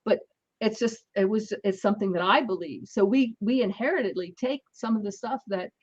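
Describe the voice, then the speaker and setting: Woman telling lively parenting stories. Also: mid-range voice, a little fast, highs cut off. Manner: animated anecdotes, acts out dialogue. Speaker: guest, energy healer. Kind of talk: casual storytelling in an interview.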